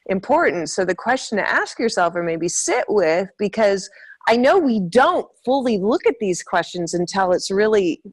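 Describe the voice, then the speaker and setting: A woman's voice: mid-range voice, sing-song, normal speed, breathy edge. A woman in casual conversation, talking reflectively and hesitantly as she searches for her words.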